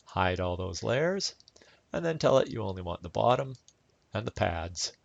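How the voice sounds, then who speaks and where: A man giving a relaxed, chatty step-by-step software tutorial over a screen recording. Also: fairly low pitch, moderate pace, creaky, no room sound, muffled recording. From Canada. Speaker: instructor.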